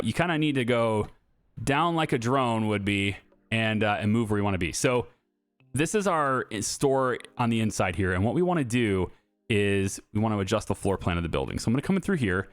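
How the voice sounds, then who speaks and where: A man's voice: medium pitch, no echo, clean studio sound. A man giving casual gameplay commentary, thinking aloud with fillers and restarts as he builds. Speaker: gaming YouTuber.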